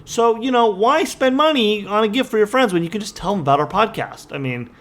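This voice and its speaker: A man's voice: high-pitched, expressive, fairly quick. A man co-hosting a podcast, bantering with jokes and sarcasm. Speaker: podcast co-host. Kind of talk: casual chat.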